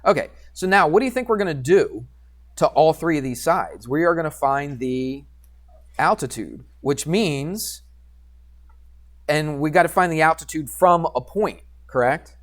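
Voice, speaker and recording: A man teaching a geometry class, chatting casually while he works drawing software, quizzing students and answering his own questions. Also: on the high side, lively intonation, a little slow. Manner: conversational, asks students questions and answers himself; talks while working drawing software, mutters asides. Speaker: math teacher.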